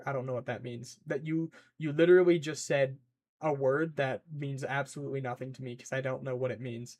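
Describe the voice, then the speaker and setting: A man chatting casually on a stream in an excitable, rambling way, reacting to chat and scolding his pet. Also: medium pitch, a little fast.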